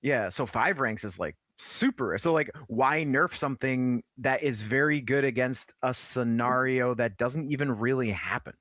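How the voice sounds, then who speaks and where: A man's voice: medium pitch, moderate pace, few pauses, a bit bright, dry recording, studio quality. A man co-hosting a casual gaming podcast, emphatic and profane, laughing often. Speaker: podcast co-host. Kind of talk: casual chat.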